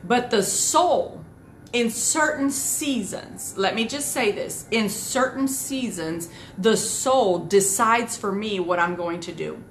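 A woman's voice: on the high side, takes it slowly, slight background noise. A woman pastor giving a sermon, talking directly and conversationally to her listeners and repeating phrases for emphasis. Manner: repetitive, conversational and emphatic, addressing the audience directly.

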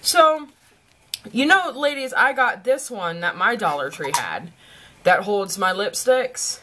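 A woman's voice: mid-range voice, big pitch swings, takes it slowly, a bit bright, a little hiss or hum. Bubbly, giggly Southern woman vlogger. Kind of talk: casual gift-opening vlog. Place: at home by her desk.

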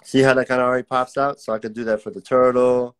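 A young man teaches a casual drawing class over live stream, fast-talking with a flat delivery in a clear, resonant mid-range voice. The art teacher is chatty and laid-back, reading viewer comments aloud while he draws.

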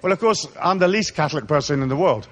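A middle-aged man from England, raised in Africa, rants at a live talk with a lively, swooping voice that sits a little high. He swears freely, mocks as he goes and slips into comic voices. He speaks as a spiritual lecturer. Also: fast talker. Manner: profane, mocking, comic rant with put-on voices.

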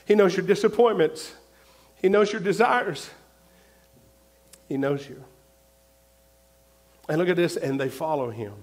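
A male pastor preaching a sermon, repeating his points and swinging between loud and hushed. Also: sits high, measured pace, long pauses.

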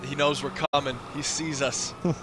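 A man's voice: medium pitch, moderate pace. A man streaming a game live, drunk, trash-talking with lots of swearing. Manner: profane, excitable trash talk. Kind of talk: casual live gaming chat. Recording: noisy game audio behind.

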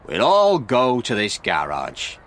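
Stern sergeant, lower and measured, read by a male narrator. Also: huge pitch swings, fairly bright tone, heavily acted. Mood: firm. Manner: firm, measured. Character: calm stern police sergeant, middle-aged man.

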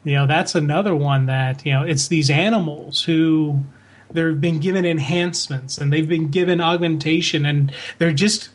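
A man's voice: a little high, fairly even intonation, normal speed. A man co-hosting a comics fan podcast, talking in a rambling, heartfelt way with many fillers and restarts. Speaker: podcast co-host. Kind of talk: casual chat.

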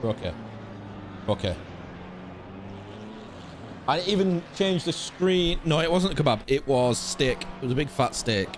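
A young man runs a racing live stream, talking with his chat in a rambling, chatty way. His voice is on the high side and animated, yet unhurried, with frequent pauses and slight background noise.

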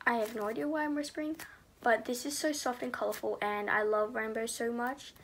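A teenage girl reviewing squishy toys in a casual, gushing way, sometimes dropping to a soft murmur. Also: a little high, fairly even intonation, a little fast, slight background noise. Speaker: squishy haul vlogger.

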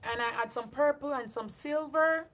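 Chatty Jamaican woman, bright high voice. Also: normal speed. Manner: chatty, reads viewer comments aloud and answers them. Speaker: makeup vlogger on a livestream. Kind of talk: casual live-stream chat.

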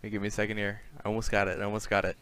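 A man's voice: fairly low pitch, completely flat delivery, racing, fairly bright tone, smooth. A man co-hosting a podcast in a casual brainstorming chat. He talks hesitantly and fills his sentences with "like". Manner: hesitant, full of "like" fillers. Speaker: podcast co-host.

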